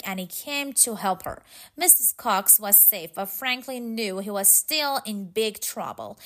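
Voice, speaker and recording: A woman reading a children's storybook aloud, clear and expressive. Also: mid-range voice.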